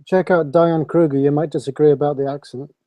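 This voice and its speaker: A man with a mellow, dark voice talks calmly and matter-of-factly in a casual chat. His sound is close and dry, with no room around it. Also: on the high side, brisk, no room sound.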